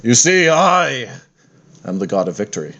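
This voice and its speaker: A pompous villain god, as a man puts him on for a tabletop game. He declaims grandly and theatrically, full of boastful pride. The voice sits at an ordinary middle pitch. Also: big pitch swings, normal speed, a bit bright, highs cut off.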